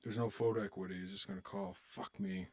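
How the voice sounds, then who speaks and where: Brisk and sing-song, a man with a lowish, darkish voice streams online poker. He curses under his breath about his hands and then chats happily and jokingly with his viewers, keeping the live-stream commentary loose and casual.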